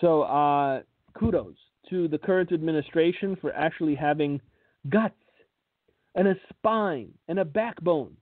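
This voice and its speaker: A man's voice: fairly high pitch, measured pace, no echo. A man hosting a radio commentary, blunt and sarcastic, who often repeats words as he starts a thought. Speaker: radio host and preacher. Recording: tinny phone-like line.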